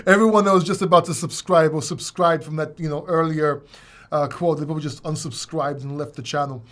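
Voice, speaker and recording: A man's voice: on the high side, steady tone, normal speed, fairly bright tone. A man hosting a casual crypto livestream, rambling and joking at his own expense. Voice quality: self-mocking, rambling, many restarts. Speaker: crypto channel host.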